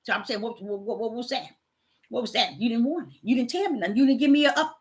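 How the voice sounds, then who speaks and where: A middle-aged woman preaching a sermon, moving from hushed storytelling to loud, emphatic exhortation. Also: on the high side, quick pace.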